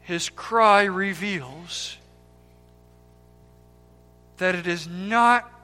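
Male preacher, sermon, impassioned, loud-to-hushed swings, unhurried, long hall reverb, faint music behind. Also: sits high. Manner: repeats words for emphasis.

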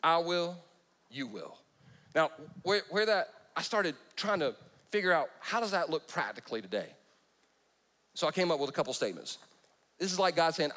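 A man preaching a sermon in church, his voice running a bit high for a man and rising and falling a great deal. He jokes with the congregation and keeps breaking off his own sentences. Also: very animated, normal speed, long pauses, fairly bright tone. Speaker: pastor.

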